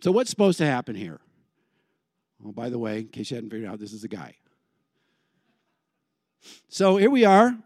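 A man preaching a sermon in a lively, conversational way, putting questions to the congregation. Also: medium pitch, normal speed, pauses often, no echo, studio quality. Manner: animated, conversational, asks the crowd questions. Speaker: pastor.

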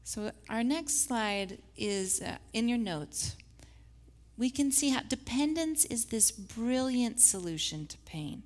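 A woman teaching a faith-based lesson with slides, who acts out the scripture quotes in lively voices. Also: fairly high pitch, takes it slowly, big-room sound. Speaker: Bible study teacher.

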